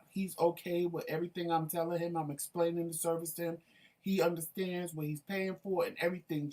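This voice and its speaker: A man co-hosting a talk show, telling work stories in an animated, emphatic way. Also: on the high side, far from the mic. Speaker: co-host. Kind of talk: casual chat.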